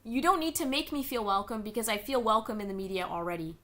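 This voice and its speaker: A young woman streams live commentary, reacting to news with a profane, exasperated rant while reading chat messages aloud and answering them. Her voice is a little high and fairly bright, and she talks fast.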